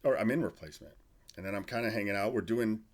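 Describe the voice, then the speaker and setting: Brief: low-voiced man in his 40s, army veteran guest, swears freely while spinning casual podcast stories. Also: fast talker. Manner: loose, profane storytelling with restarts. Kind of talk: casual storytelling podcast chat.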